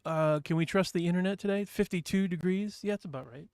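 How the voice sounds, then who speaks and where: A man's voice: high-pitched, fast, creaky, darkish tone, clear, resonant tone, studio quality. Brief: male stream host from New Hampshire, loose talky chat, no room echo. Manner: rambling, chatty, reads chat aloud. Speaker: livestream host. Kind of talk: casual chat with viewers.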